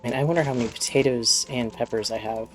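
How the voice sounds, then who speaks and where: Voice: medium pitch, fairly even intonation, fast talker, faint music behind. A streamer in casual live-stream chat, rambling and talking fondly to a pet cat while playing.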